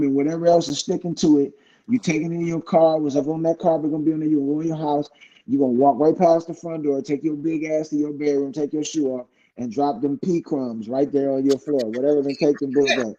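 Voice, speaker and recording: A man's voice: on the high side, fast. A man from Cleveland telling profane stories in casual chat, acting out the people he quotes. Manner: animated storyteller, profane, acts out quoted people. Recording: dull lo-fi sound.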